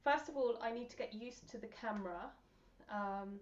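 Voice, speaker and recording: A woman with an English accent gives a casual pronunciation lesson to camera, hesitant and a little self-conscious, with many pauses. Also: a little high. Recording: roomy, distant, dull sound.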